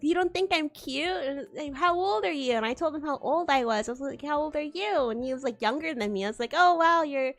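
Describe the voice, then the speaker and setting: High-voiced young woman telling stories. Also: fairly quick, few pauses, faint music behind. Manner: animated storytelling with frequent laughter and swearing. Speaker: VTuber streamer. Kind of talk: casual chat.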